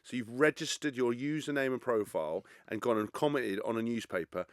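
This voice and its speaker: A man in his thirties, a podcast guest telling stories in a blunt, sweary, animated way. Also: mid-range voice, a little fast, no echo, studio quality. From England. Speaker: podcast guest, former rugby player. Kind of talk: casual chat.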